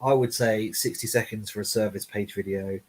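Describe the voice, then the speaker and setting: Husky low-voiced guy, web developer guest, direct and plain-spoken. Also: steady tone, moderate pace, poor audio. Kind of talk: casual live-stream chat.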